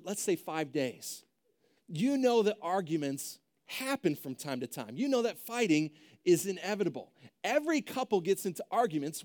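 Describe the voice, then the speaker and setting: A man's voice: high-pitched, darkish tone. A young adult male pastor preaching a sermon in a conversational way, often checking in with "right?".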